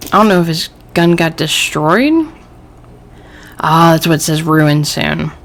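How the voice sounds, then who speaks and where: A woman's voice: low voice, lively intonation, unhurried. A woman hosting a let's play, thinking aloud and reading game text aloud, easily irritated by the game. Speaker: gaming channel host.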